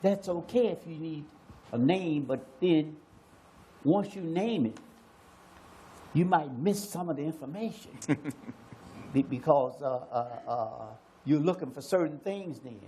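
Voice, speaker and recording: Slow-speaking, musing man. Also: a little high, dark tone, a little hiss or hum. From United States. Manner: musing, repeats phrases, many hesitations. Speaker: panelist. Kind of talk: slow reflective panel talk.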